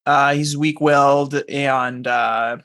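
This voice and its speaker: A man's voice: mid-range voice, fairly even intonation, slow, pushed and bright, clear, resonant tone. A man playing a tabletop role-playing game, chatting with hesitations and amused asides. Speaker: player. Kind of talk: casual tabletop game chat.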